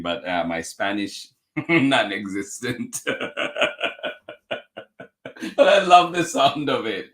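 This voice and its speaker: A man's voice: medium pitch, a bit bright. A man hosting a children's story time, reading a picture book aloud and chatting upbeat with viewers, often laughing and thanking them.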